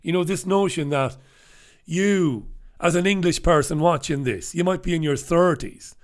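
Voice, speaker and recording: A man's voice: a little high, normal speed. A man hosting a newspaper review in a casual, sarcastic, blunt and profane commentary style, with mocking asides.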